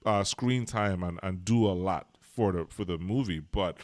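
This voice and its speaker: A man's voice: deep voice, moderate pace, no room sound, clean studio sound. A man co-hosting a podcast, chatting eagerly about a film, repeating words and correcting himself mid-sentence. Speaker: podcast co-host. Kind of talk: casual film discussion.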